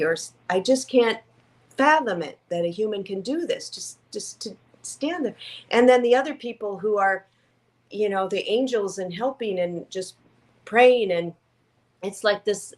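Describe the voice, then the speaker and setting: A woman guest in an interview, telling her story with feeling, acting out quoted voices and close to tears. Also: medium pitch. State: tearful. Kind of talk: conversational interview.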